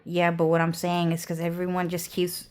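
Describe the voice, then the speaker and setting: A woman with a slightly low voice rambles through a casual vlog rant. She swears freely and leans on "like" and "dude" in almost every sentence. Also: completely flat delivery, normal speed, darkish tone, smooth. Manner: profane, fills speech with "like" and "dude". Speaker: vlogger.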